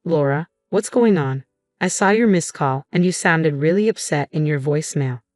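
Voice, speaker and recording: A woman's voice: low voice, moderate pace, darkish tone, no echo, lightly acted. Woman reading as a firm, loyal best friend. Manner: firm, upbeat.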